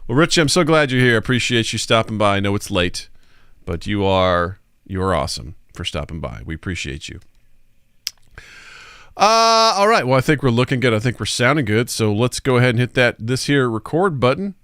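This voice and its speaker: A man's voice: mid-range voice, very animated, fast, a bit bright, clear, resonant tone, no room sound, clean studio sound. A man from Missouri, hosting a podcast in loose, rambling, jokey chat full of filler words. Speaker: podcast host.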